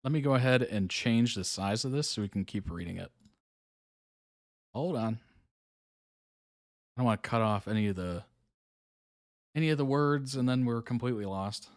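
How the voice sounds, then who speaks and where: A man hosting a casual live reaction stream. He chats as he goes, reading bits of on-screen text aloud and reacting to them, with his voice at a middle pitch. Clear music plays underneath the whole time. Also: moderate pace, long pauses. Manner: chatty, reads on-screen text aloud and comments. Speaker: reaction video host.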